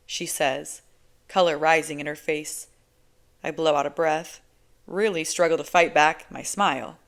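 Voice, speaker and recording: A woman reading a novel aloud in first person, with a measured, conversational delivery. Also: low-pitched. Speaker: audiobook reader.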